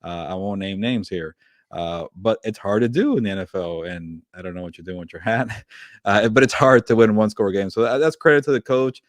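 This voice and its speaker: Low-voiced man in lively sports banter. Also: brisk, no room sound. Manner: animated, laughing, with frequent fillers and restarts. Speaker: podcast co-host. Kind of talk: casual sports chat.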